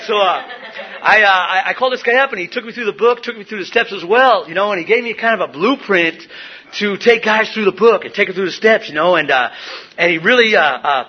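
A man's voice: sits high, a little fast, slightly rough, dull audio. A middle-aged man sharing his recovery story at a meeting, rambling with many fillers and restarts. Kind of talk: personal recovery share. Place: meeting room.

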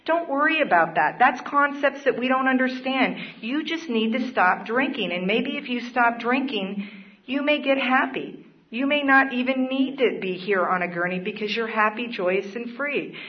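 At a recovery meeting, a woman with a slightly high voice and moderate pace shares her own story as personal testimony. She is earnest and plainspoken, laughing now and then, captured in a dull lo-fi recording.

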